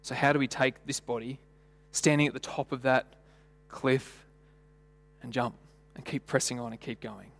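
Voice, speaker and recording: A man's voice: mid-range voice, steady tone, normal speed, gravelly, long pauses, a bit bright. A man preaching a sermon in a church, conversational and full of rhetorical questions and stories. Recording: long hall reverb.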